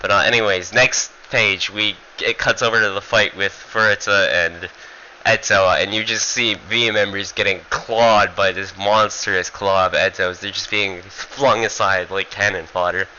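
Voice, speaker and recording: A man's voice: fairly low pitch, fairly even intonation, a little slow, bright, forceful tone, dull audio, a little hiss or hum. A man giving a casual, rambling manga review, full of fillers and swearing.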